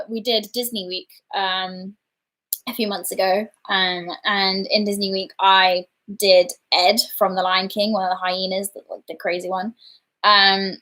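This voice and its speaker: A woman's voice: medium pitch, a bit bright. A woman chatting casually on a livestream, telling an embarrassing story with lots of fillers and self-deprecation. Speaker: livestream host.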